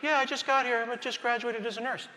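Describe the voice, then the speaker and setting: A man putting on a frantic rookie nurse, voice shooting high. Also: fairly even intonation, fast talker, noisy background. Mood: panicked. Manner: frantic, pleading. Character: panicking brand-new young male nurse. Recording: reverberant conference hall.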